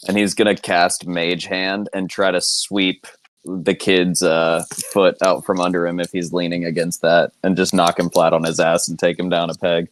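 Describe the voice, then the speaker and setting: A man playing a tabletop game talks in a playful, laughing way. His voice sits very low. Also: flat delivery, normal speed, slight background noise. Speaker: player. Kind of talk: casual tabletop play.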